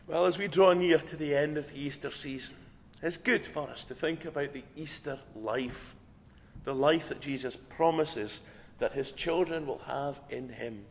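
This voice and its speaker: A hoarse man preaching a sermon as a pastor, measured and earnest. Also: a little high. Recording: dull lo-fi recording in a reverberant church.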